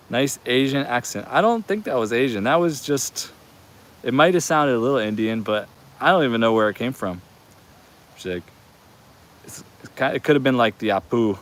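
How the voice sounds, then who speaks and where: A man's voice: mid-range voice, animated, moderate pace. A man in his forties hosting a casual livestream from a garage, reading viewer comments aloud in an upbeat, affectionate way. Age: 40s. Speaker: livestream host.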